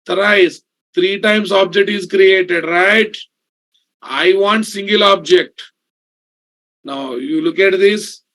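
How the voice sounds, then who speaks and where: A man's voice: sits high, takes it slowly, pauses often, a bit bright. A man teaching a live coding lesson, repeating his points and calling the class "guys" and "boss". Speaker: programming instructor.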